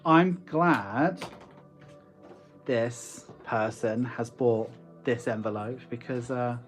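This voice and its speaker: A man's voice: mid-range voice, slow pace, faint music behind. A man with a West Country accent chatting casually on a live stream as an online shop owner, reading viewer comments aloud and laughing often. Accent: West Country English.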